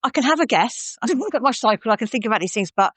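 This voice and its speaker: A woman's voice: on the high side, expressive, very fast, fairly bright tone, husky, dry recording. A woman co-hosting a podcast in casual chat, talking candidly and reflectively as she thinks aloud. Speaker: podcast co-host.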